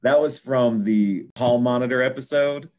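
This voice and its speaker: A man chatting casually about a cartoon, animated and quick to chime in with agreement. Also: medium pitch. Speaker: podcast co-host. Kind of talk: casual chat.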